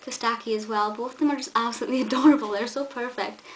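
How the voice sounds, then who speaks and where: A woman's voice: a little high, fairly even intonation, fast talker, poor audio. A young woman, chatting eagerly to camera in a vlog, with many ums and restarts. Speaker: vlogger. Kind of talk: casual chat to camera. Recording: faint hiss.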